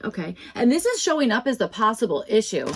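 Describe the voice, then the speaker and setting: A woman's voice: on the high side, big pitch swings, quick pace, slight background noise. Young woman, tarot reader, casual rambling chat with restarts and fillers. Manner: chatty and self-deprecating. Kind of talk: casual tarot reading to camera.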